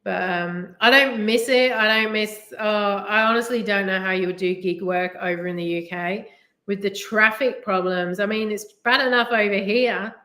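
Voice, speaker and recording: A woman's voice: mid-range voice, a bit bright. A middle-aged woman from England with an English accent, chatting casually on a live stream in a rambling way, full of "like" and "you know". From England, West Midlands. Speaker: live-streaming delivery driver. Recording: roomy echo.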